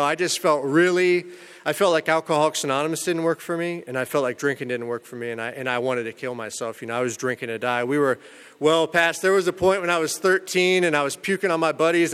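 A man telling his own recovery story in a candid, rambling way, full of "you know" and "man", with self-mocking humor about a dark past. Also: on the high side, fast, smooth, big-room sound.

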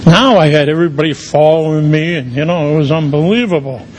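A man's voice: fairly high pitch, a little fast, a little hiss or hum, rough recording. A middle-aged man, giving a personal recovery testimony in a rambling storytelling way full of "you know" fillers. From Quincy, Massachusetts area. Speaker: recovery meeting speaker.

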